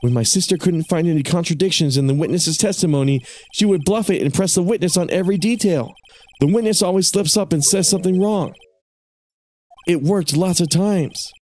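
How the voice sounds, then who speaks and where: A man's voice: sits high, fairly quick, a little mellow, voice pushed up, natural voice. A man doing a perky young woman. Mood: confident.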